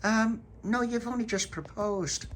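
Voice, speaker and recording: A man's voice: high-pitched, measured pace, noisy background, voice pushed up. Man doing a raised-voice, no-nonsense bride. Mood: correcting. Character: bossy practical grown woman bride.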